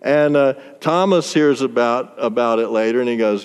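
Brief: male preacher, lively storyteller with frequent chuckles, slightly high voice, long reverb of a large hall. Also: moderate pace, few pauses, smooth. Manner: animated storytelling, chuckles often. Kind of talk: sermon.

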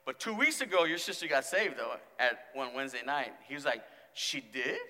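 A man who is a student pastor, preaching a sermon and acting out stories, swinging from mumbled quotes to loud exclamations. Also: mid-range voice, animated, moderate pace. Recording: long hall reverb.

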